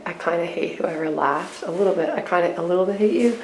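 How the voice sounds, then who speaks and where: A woman's voice: lowish voice, a little fast, few pauses, very noisy. A young woman in a casual student vlog, chatty and self-deprecating, rambling through her day. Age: young adult. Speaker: student vlogger. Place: around a snowy campus and her kitchen.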